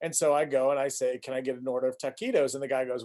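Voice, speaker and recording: A man telling a funny anecdote in a casual group chat on a video call, lively and playful. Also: medium pitch, racing. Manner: animated anecdote teller with put-on voices. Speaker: call participant.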